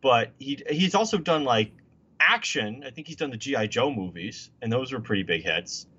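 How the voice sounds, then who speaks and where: A man's voice: mid-range voice, expressive, moderate pace, sharp tone, slightly rough, lo-fi sound. A man in casual movie chat, opinionated and emphatic, sometimes mocking people with impressions.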